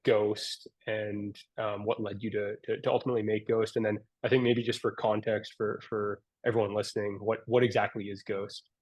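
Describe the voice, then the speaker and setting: Low-voiced man hosting an interview. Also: flat delivery, moderate pace, few pauses, a little mellow. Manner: hesitant, repeats words while asking. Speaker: podcast host. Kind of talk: casual interview.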